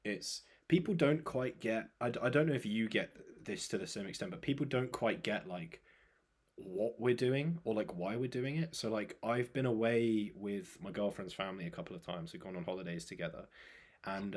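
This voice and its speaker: A man's voice: on the low side, normal speed, slightly rough. A young man co-hosting a fitness podcast, chatting casually and rambling through stories with lots of fillers. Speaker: podcast co-host, fitness coach. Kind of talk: casual chat.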